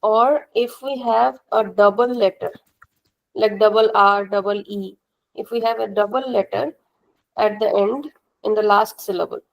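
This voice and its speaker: Patient Indian woman teaching, gravelly. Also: mid-range voice, fairly even intonation, a little slow, low-quality recording. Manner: patient, repetitive explaining with questions to the class. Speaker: language teacher. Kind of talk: classroom lesson explanation.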